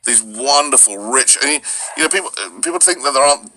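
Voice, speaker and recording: Man, bright forceful voice, animated rambling talker, video-call audio. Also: mid-range voice, fast talker, slight background noise, poor audio. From North Yorkshire, England. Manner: animated, rambling storyteller slipping into accent impressions. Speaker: voice actor guest. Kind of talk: casual video-call chat.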